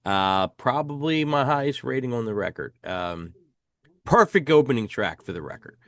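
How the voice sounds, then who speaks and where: A man's voice: mid-range voice, animated, normal speed, fairly bright tone, no room sound. A man hosting a casual album review chat, enthusiastic and swearing casually as he hands rankings to his co-host. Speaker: podcast host.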